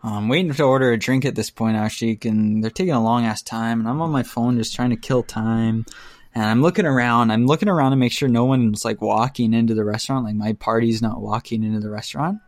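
A man's voice: mid-range voice, fairly quick, dry recording. A man casually telling an anecdote, acting out the quotes and laughing often. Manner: animated storytelling, acts out quotes, laughs often. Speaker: storyteller. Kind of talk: casual chat.

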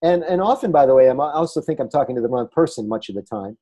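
A male interview host with a warm, mellow voice at a middle pitch. He comes across as eager and playful, throwing out examples and teasing his guest. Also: expressive, quick pace. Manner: enthusiastic, jokey. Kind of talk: conversational interview.

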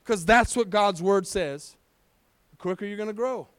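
High-voiced preacher asking rhetorical questions. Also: male voice, normal speed, smooth, dry recording. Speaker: pastor. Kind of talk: sermon. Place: church sanctuary.

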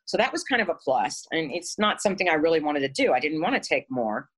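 A woman's voice: low-pitched, very animated, fast, husky, poor audio. A woman being interviewed, telling a personal story in a frank, earnest way with wry asides. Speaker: interview guest.

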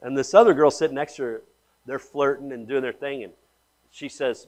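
Animated storytelling pastor, a man. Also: mid-range voice, fairly quick. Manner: animated storytelling, swings between hushed and loud; blunt, slangy, calls listeners man and guys. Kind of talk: sermon.

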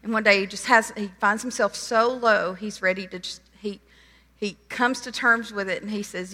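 A woman delivers a sermon in a church hall, her sound bright and forceful. She tells a story with animation and voices its characters. A long reverb trails her words through the big room. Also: on the high side, moderate pace. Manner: animated storytelling, retelling a parable in lively quoted voices. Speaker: preacher.

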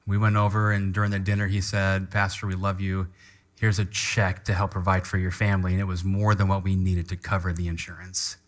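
A man's voice: sits low, monotone, a little fast. A middle-aged man preaching a sermon as pastor, reading scripture with fervent emphasis and calling the congregation to repeat the words with him. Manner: passionate, rising to loud emphatic scripture reading; leads congregation in call-and-response.

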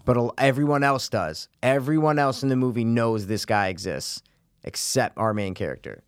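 A man in easy, cussing banter as he co-hosts a podcast. His voice sits at an average pitch and comes across dry, with no room sound around it. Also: normal speed, clear, resonant tone, no room sound. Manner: joking, profane banter. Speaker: podcast co-host. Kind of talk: casual chat.

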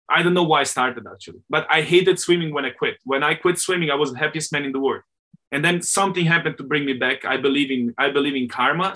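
A man's voice: on the high side, pushed and bright. A middle-aged man, a swim coach, talking candidly and animatedly in an interview, correcting himself as he speaks English as a second language.

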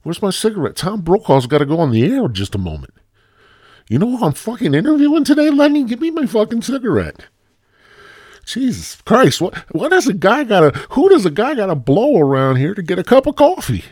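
A frantic anchorman barks for his cigarette and coffee in a strained, high, shouting voice, as a man puts him on. The voice is husky and sits dry and close to the mic. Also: huge pitch swings, fairly quick, no echo, exaggerated voice. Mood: ranting. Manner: shouting, profane, impatient. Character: frantic cursing male news anchor demanding his cigarette.

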